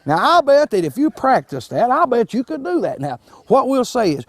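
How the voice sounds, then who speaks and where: A man, a wildlife educator giving a live demonstration to children, folksy and animated, restarting words with plenty of fillers. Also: very high-pitched, normal speed, few pauses, no echo, clean studio sound. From Kentucky.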